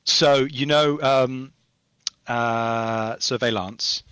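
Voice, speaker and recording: A man's voice: mid-range voice, drawn-out words, smooth, no room sound. A man guesting on a podcast, chatting casually and telling stories with frequent laughter. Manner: chatty, laughs often, lively storytelling. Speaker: game developer guest.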